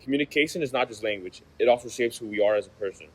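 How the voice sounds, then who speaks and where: A young man from the United States reading a class presentation, steady, often trailing off quieter at the ends of phrases. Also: mid-range voice, racing, husky, low-quality recording. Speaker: student presenter.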